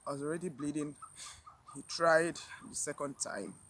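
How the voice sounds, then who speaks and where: A woman tells a personal story to her viewers, emotional and near tears, halting and repeating herself with sighs. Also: low-pitched, steady tone, slight background noise, poor audio. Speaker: vlogger.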